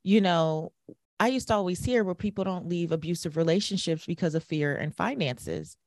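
A middle-aged woman hosting a podcast interview, talking emphatically with quick restarts and asides. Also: lowish voice, darkish tone, no room sound, clean studio sound. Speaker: podcast host. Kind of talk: conversational interview.

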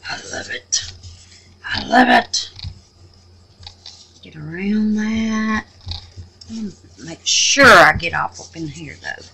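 A woman's voice: mid-range voice, takes it slowly, vocal fry, pauses often, sharp tone, a little hiss or hum, rough recording. A woman hosting a casual crafting tutorial, chatting away, exclaiming to the Lord and muttering half-whispered asides to herself. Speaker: resin craft channel host.

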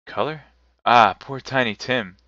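A man voicing a grieving mother, gentle and steady, with a soft, slow, raised delivery in a live reading of a classic novel. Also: mid-range voice, no room sound, highs cut off, voice pushed up. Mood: tender.

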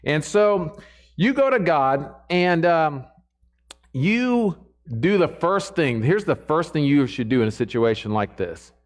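A man's voice: fairly high pitch, lively intonation, slow. A man preaching a sermon to a church congregation in a conversational way, often checking in with the listeners.

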